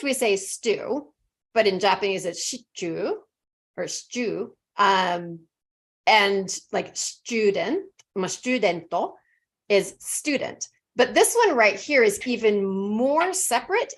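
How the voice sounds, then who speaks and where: A woman teaching English pronunciation over a video call, encouraging her students and modeling each word slowly and deliberately. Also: mid-range voice, animated. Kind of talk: online pronunciation lesson.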